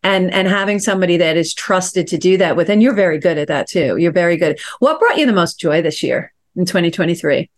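A woman's voice: on the low side, expressive, brisk, few pauses. A woman hosting a coaching chat, encouraging and guiding listeners through exercises. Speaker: host and success coach.

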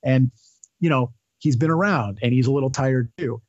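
A man's voice: medium pitch, normal speed, no room sound, dull audio. A man talking as a podcast guest, rambling and enthusiastic with many fillers and restarts. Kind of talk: casual chat.

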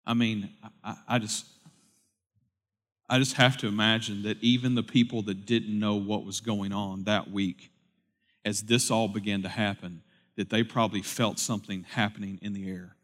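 Man pastor, sermon, loud preaching eases into relaxed anecdotes; reverberant hall. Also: fairly low pitch, moderate pace. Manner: swings from loud preaching to quiet storytelling.

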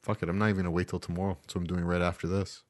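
A man's voice: deep voice, flat delivery, very fast. A man hosting a casual podcast chat, joking and swearing freely. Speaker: podcast host.

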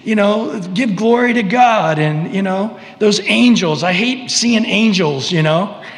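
A sulky, whining rebel, put on by a male preacher rambles through a string of gripes. The voice rides noticeably high. A long reverb rings around it. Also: lively intonation, a little slow. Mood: resentful. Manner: whiny, rambling complaint. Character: resentful rebellious man sick of righteousness.

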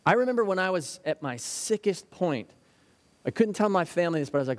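A man delivers an earnest sermon in a fairly high voice. He tells stories and now and then acts out a worried child's voice. His words ring out with a long reverb, as in a large hall. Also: lively intonation, brisk. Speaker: pastor.

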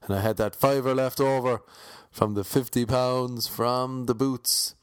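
A man's voice: mid-range voice, steady tone, a little slow, smooth. A man from Cork with an Irish accent telling a comic story, rambling and correcting himself with wry asides. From Ireland, Cork. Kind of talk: comic anecdote monologue.

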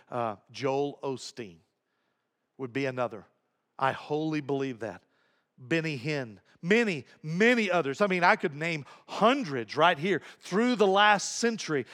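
A male pastor preaching a sermon, emphatic, repeating key phrases and swinging between low asides and raised points. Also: a bit bright.

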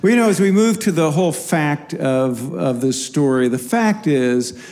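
A man's voice: fairly high pitch, animated, normal speed, a little mellow. A man co-hosting a faith talk, earnestly explaining a Bible story in a casual teaching style.

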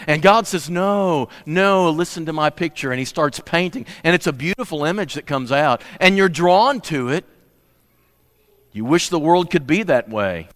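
A middle-aged man preaching a sermon, telling stories lively and asking the congregation questions. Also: on the high side, clear, resonant tone. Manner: animated storytelling with audience questions. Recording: reverberant hall.

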